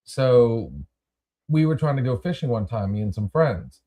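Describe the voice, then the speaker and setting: A man's voice: mid-range voice, animated, moderate pace, dark tone. A man hosting a podcast, telling a story in casual chat with rambling restarts and free swearing. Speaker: podcast host.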